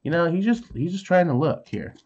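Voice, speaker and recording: A man's voice: fairly high pitch, big pitch swings, brisk, a little mellow, highs cut off, a little hiss or hum. A man in his thirties casually chatting while opening trading card packs, reading card names aloud and making sound effects. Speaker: card unboxing host.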